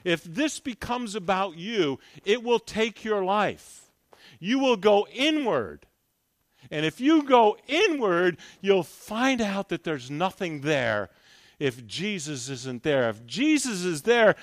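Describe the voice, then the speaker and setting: Fervent older male preacher, lively pitch. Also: slow pace, no room sound, studio quality. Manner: fervent, swings from loud exhortation to quiet storytelling. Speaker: guest speaker. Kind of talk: sermon with personal testimony.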